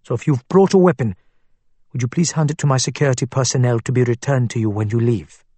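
A man voicing a suave male doctor who speaks with measured, courteous politeness. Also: medium pitch, mellow, husky, no echo, lightly acted. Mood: polite.

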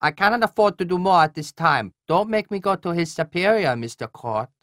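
A man voicing a curt, sly male colonel with a high nasal voice, from an audiobook. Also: very animated, fairly quick, fairly bright tone, no room sound, studio quality.

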